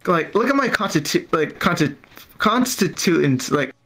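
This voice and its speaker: Poor audio captures a stand-up comedian at a comedy club open mic, his slightly high voice sharp, expressive, and a little slow. He rambles and stammers through a profane tale, acting out the people involved.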